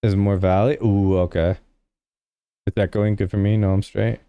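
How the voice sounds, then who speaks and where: Smooth-voiced young man chatting to his stream. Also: fairly low pitch, flat delivery, moderate pace, mellow, dry recording. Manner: rambling, heavy use of "like" fillers; laid-back, talks to chat. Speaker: livestreamer. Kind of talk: casual livestream chat with viewers.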